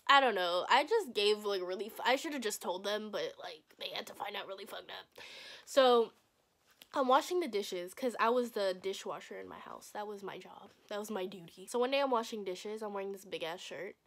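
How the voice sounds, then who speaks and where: A woman's voice: mid-range voice, moderate pace, fairly bright tone. A young woman vlogger telling a personal story in a casual, blunt, profane way, acting out what people said. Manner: profane, blunt, acts out quoted voices.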